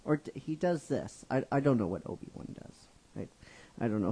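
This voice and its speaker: A man's voice: medium pitch, animated, a little fast, warm tone, slightly rough, no room sound. A middle-aged man casually narrating a fan-written story, rambling with frequent restarts and asides to his listeners. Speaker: narrator of a fan script series.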